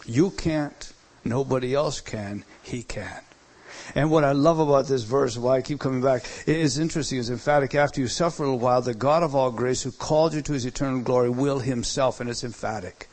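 A male pastor preaching a sermon, stressing points and swinging between loud emphasis and quiet, hushed lines. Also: medium pitch, a little fast.

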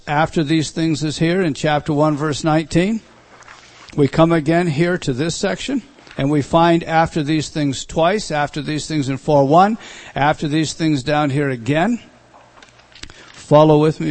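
Middle-aged guy teaching bible study, slightly high voice, slow and deliberate, repeats stuff for emphasis. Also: darkish tone.

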